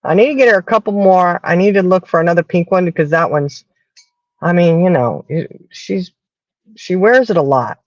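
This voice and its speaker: A woman's voice: lowish voice, animated, moderate pace, no echo, highs cut off. A woman from the American South with a Southern accent, hosting a casual chat and telling stories in a chatty way. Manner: chatty storyteller, acts out quoted voices. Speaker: podcast host.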